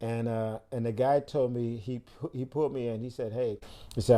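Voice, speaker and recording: A man's voice: mid-range voice, moderate pace. An older man, a podcast guest, telling a story casually and acting out the dialogue. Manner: animated storyteller who acts out quoted dialogue.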